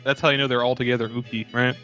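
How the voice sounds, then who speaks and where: A man's voice: medium pitch, flat delivery, very fast, bright, forceful tone, lo-fi sound, faint music behind. A man co-hosting a podcast, talking crudely about a movie with lots of swearing. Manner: crude, heavy swearing, laughs into lines. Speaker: podcast co-host. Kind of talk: casual movie-review chat.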